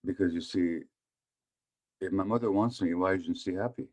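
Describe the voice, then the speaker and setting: A man's voice: low-pitched, moderate pace, a little mellow. A man in his seventies, from Hungary, giving a conversational talk as a physician and asking his audience questions. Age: 70s. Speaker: physician speaker. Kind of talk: public talk on trauma.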